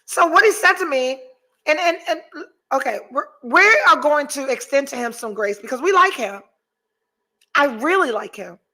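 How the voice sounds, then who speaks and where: A woman's voice: sits high, animated, moderate pace, pushed and bright. A woman hosting a podcast, chatting casually and telling a story full of profanity while she reads out comments from viewers. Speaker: podcast host. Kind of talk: casual chat with live chat readers.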